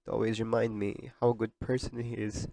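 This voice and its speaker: Podcast host, young man, low register, tearful sincerity, dry close mic. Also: level tone, a little fast, gravelly, dark tone, no echo. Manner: emotional, tearful, earnest. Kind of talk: heartfelt podcast monologue.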